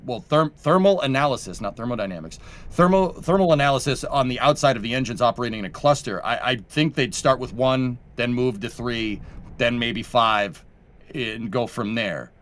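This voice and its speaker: A man's voice: medium pitch, a bit bright. A man hosting a livestream, talking casually and rambling with self-corrections. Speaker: livestream host.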